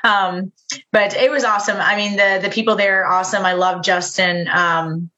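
A woman's voice: medium pitch, steady tone, normal speed, bright, forceful tone, lo-fi sound. A young woman from Canada with a Canadian accent, chatting as a podcast guest, laughing often and rambling with restarts. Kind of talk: casual podcast chat.

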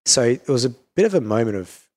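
A man's voice: medium pitch, big pitch swings, a little fast, a little mellow. An Australian man from Perth, a business owner, talking reflectively in an interview with many fillers and restarts.

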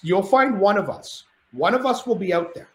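A man telling a wild party story as a podcast guest, talking in a lively, profane, rambling way from a cottage. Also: sits high, moderate pace, echoey room, slight background noise, low-quality recording. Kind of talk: animated storytelling.

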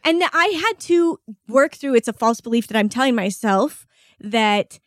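A woman's voice: on the high side, lively intonation, moderate pace, dry recording, clean studio sound. A woman chatting casually on a podcast, talkative, laughing easily and filling her sentences with "like". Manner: chatty, laughs often, uses "like" a lot. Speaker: podcast co-host. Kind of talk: casual chat.

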